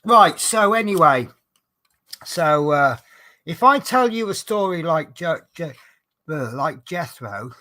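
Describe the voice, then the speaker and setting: A man's voice: on the high side, animated, slow pace, long pauses, pushed and bright. Chatty man rambling along. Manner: rambling, chatty storyteller who restarts and corrects himself. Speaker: coach driver and crafting vlogger. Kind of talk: casual chat while diamond painting.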